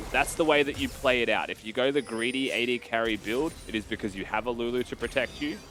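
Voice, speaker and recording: A man giving analytical, conversational esports commentary. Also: medium pitch. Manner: analytical, conversational breakdown of plays. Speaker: esports caster.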